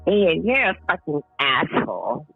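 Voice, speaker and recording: A woman calling in on the phone, putting on a growly, husky voice and swearing in halting bursts. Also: low voice, very animated, no echo, soft background music, heavily acted. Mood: accusing. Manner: profane, halting. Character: foul-mouthed growly-voiced female caller. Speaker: prank caller. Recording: dry tinny phone line.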